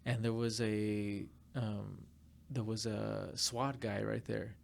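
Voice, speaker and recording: A man casually telling a rambling, animated story on a podcast, full of fillers. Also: lowish voice, takes it slowly, creaky, a little hiss or hum. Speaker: podcast guest.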